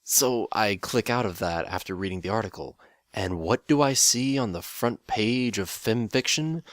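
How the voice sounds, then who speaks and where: A man's voice: lowish voice, lively intonation, moderate pace, no echo, studio quality. A man giving a mock-dramatic, exasperated reading of a fan story, introducing it before he starts. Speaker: reader.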